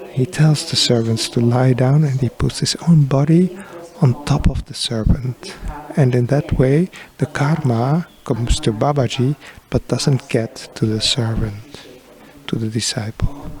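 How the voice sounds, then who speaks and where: A man gives a sermon in translation, recounting stories at a slow, deliberate pace. His voice has a gravelly, creaky edge and sits at a middle pitch. He pauses often between phrases. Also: a little mellow. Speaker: interpreter giving a sermon.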